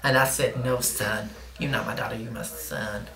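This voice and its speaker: A crude, boastful trashy Southern mama, played by a woman in a comedy sketch. Her low voice still sounds bright and forceful. The room around her is echoey. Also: moderate pace. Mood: indignant. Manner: brash, crude, deadpan boasting. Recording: roomy echo.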